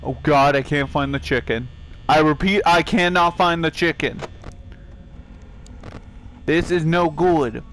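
A young man giving let's play commentary on a horror game, panicky and swearing, yelling at the characters on screen. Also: a little high, a little slow, long pauses, a little hiss or hum, rough recording. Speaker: gaming video creator.

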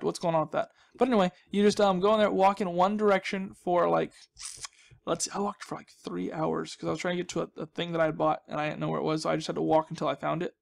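High, gravelly-voiced young man rambling. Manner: rambling, chatty, jokey asides. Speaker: let's play host. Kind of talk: casual gameplay commentary.

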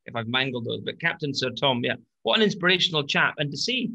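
A man co-hosting a casual podcast chat, speaking haltingly with many repeated words and fillers. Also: mid-range voice, very animated, vocal fry, bright, forceful tone, husky, lo-fi sound. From British. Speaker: co-host.

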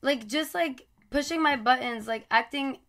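A woman's voice: high voice, moderate pace, fairly bright tone. A woman in her twenties, a mother talking casually on a podcast with friends, heavy on "like" and "bro". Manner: laid-back slangy talk, many "like" and "bro" fillers. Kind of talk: casual chat.

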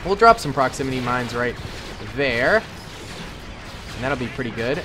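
A man giving casual, excitable, slangy commentary while playing a strategy game, talking to himself and his viewers. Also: mid-range voice, normal speed, noisy background. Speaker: gaming commentator. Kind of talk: casual let's-play commentary.

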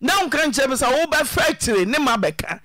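High, scolding Ghanaian woman host. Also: animated, brisk. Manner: scolding, emphatic, sometimes shouting. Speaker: radio counsellor host. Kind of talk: on-air advice and questioning.

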